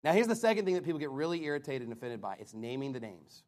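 A man preaching a fiery sermon who reads scripture aloud, throws rhetorical questions at the congregation and bursts into shouted lines. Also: mid-range voice, sing-song, rapid-fire.

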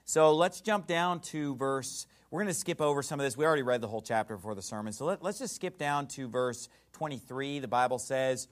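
A man's voice: medium pitch, expressive, brisk, few pauses. A man preaching a sermon as pastor, fiery and emphatic, mocking what he thinks is foolish doctrine.

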